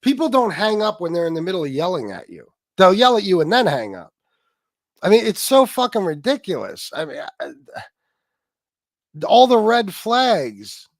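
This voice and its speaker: A livestream host rants in blunt, profane commentary, rambling through fillers. His voice is a little higher than most men's. The sound is close and dry, with no room around it. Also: very animated, normal speed, dry recording. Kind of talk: ranting commentary.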